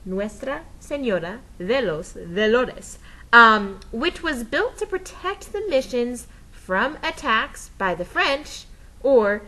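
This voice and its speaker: Her voice is a little high, with big pitch swings, a slow pace, and a sharp tone, as she walks through a recorded history lesson step by step. She's playful and enthusiastic, throws in dramatic sound effects, and keeps asking "okay?", though the audio quality is poor.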